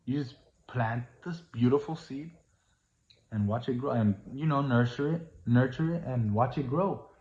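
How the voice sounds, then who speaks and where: A man's voice: medium pitch, measured pace, darkish tone. A man giving a casual, earnest, preachy monologue that repeats itself and grows emphatic. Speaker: vlogger. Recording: roomy, dull lo-fi sound.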